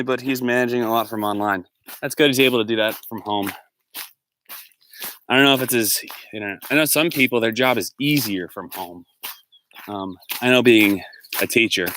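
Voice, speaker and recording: Male vlogger, bright and forward, rambling chatter on a phone in the woods with faint noise behind. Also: mid-range voice, normal speed. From Pennsylvania. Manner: rambling, chatty, reads out viewer comments. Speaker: teacher and vlogger. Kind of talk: live-stream walking vlog. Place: outdoors, walking in the woods.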